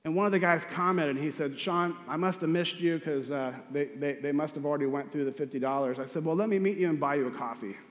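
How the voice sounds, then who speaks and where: A man's voice: fairly high pitch, quick pace, hardly any pauses, in a large hall. A man who is a real estate agent, giving direct coaching advice to newer agents and asking rhetorical questions. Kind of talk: motivational advice talk.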